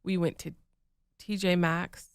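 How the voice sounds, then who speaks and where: A woman co-hosting a podcast in casual chat, telling stories in a lively way and acting out the lines she quotes. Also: lowish voice, unhurried, clear, resonant tone, no room sound, clean studio sound. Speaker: podcast co-host.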